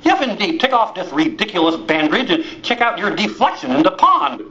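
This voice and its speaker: A man's voice: high-pitched, big pitch swings, a little fast, creaky, bright, forceful tone, a little hiss or hum, exaggerated voice. A man voicing a confident, friendly male moose who speaks in hearty broken English. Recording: roomy, dull live recording.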